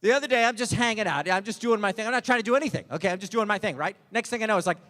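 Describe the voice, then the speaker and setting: A man's voice: high voice, very fast, sharp tone. A man doing stand-up comedy on a theatre stage, rambling in mock outrage and repeating stock complaints. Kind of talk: stand-up parody of a vague edgy comic. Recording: live theatre hall reverb.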